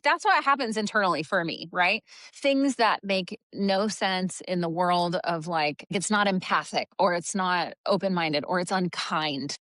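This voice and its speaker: Middle-aged woman cohosting a parenting podcast, lowish voice, chatty, dry close sound. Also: a little slow, fairly bright tone, dry recording. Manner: chatty, quoting herself in a sing-song voice. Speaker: podcast co-host. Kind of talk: casual parenting chat.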